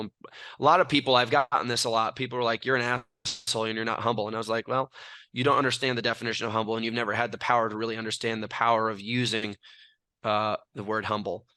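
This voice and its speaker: A man's voice: mid-range voice, pushed and bright, no room sound. Brash, self-assured young man from California. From California, USA. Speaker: athlete guest. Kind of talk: casual interview talk.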